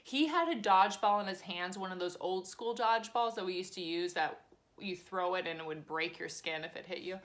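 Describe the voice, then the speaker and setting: A woman in her thirties who works as a teacher shares a personal anecdote at a cozy home, speaking fairly quickly with a fairly low pitch. Chatty and lively, she performs the voices of each person in the story.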